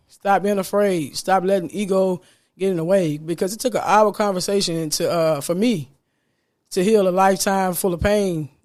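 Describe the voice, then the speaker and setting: Man, high voice, solo podcast host, casual heartfelt talk, smiling tone. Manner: upbeat, smiling as he talks.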